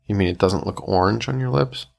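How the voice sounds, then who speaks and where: A woman's voice: very deep voice, a little fast, gravelly, darkish tone. A woman co-hosting a casual podcast with dry, teasing banter. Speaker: podcast co-host.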